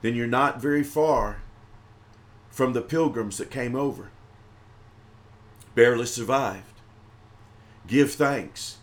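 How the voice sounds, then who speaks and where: A man preaching a livestreamed praise and thanksgiving sermon, his voice sitting a little high. He talks in rhythmic, repeated exhortations and grows louder on the lines of praise.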